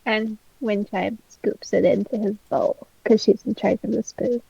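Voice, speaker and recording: Gravelly woman player on dull mic. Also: mid-range voice, fairly even intonation, measured pace, dark tone, no room sound. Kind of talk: describing her character's actions.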